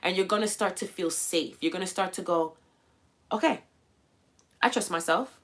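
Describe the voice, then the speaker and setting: Lowish-voiced woman coaching on a livestream. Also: normal speed. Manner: coaching, animated, acts out quoted voices. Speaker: livestream host. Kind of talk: casual motivational livestream talk.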